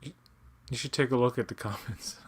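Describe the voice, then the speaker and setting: A man's voice: mid-range voice, normal speed, husky. A man, co-hosting a casual episode commentary in a rambling, jokey way. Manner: rambling, jokey, breaks into shouted movie impressions. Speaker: podcast co-host.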